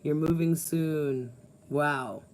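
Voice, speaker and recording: Chatty woman livestream host, low voice, laughs easily, outdoors at home on a phone stream. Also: very slow, a little mellow. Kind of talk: casual live chat, reading viewer comments.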